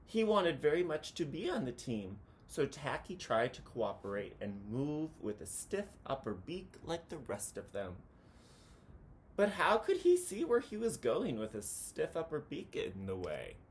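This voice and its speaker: A man reading a children's picture book aloud, chanting the counting cheers with animated delivery. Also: fairly high pitch, unhurried, a little hiss or hum.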